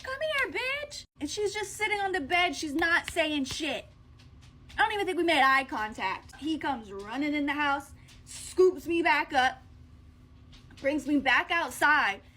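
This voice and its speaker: A woman's voice: sits high, a bit bright, a little hiss or hum. A woman telling a personal story in a casual, profane and blunt way. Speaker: vlogger.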